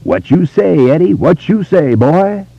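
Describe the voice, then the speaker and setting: A man voicing a boy who puts on a grandly rolling, pompous Southern gentleman voice. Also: fairly high pitch, sing-song, a little slow, creaky, slightly rough, no room sound, lo-fi sound, pitched above the performer's own voice, full character voice.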